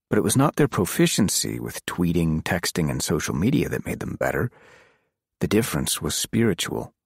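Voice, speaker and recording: A man narrating a thriller audiobook in a measured, dramatic reading. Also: low-pitched, dry recording, studio quality. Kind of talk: scripted narration.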